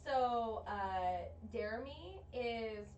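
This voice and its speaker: Playful higher-voiced woman role-playing. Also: expressive, extremely slow, a little mellow, highs cut off. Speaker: player. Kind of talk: in-character role-play chat. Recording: roomy, distant mic with faint hiss.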